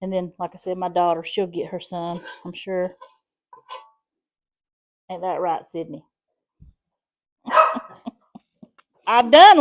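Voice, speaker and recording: A middle-aged woman with a South Alabama accent, chatting through a home cooking demonstration in a folksy, rambling way. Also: mid-range voice. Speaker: home cooking channel host.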